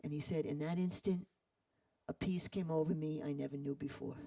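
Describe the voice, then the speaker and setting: A man retelling a story in an animated way, acting out the quoted voices. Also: a little high, normal speed, distant mic, rough recording. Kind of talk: storytelling talk.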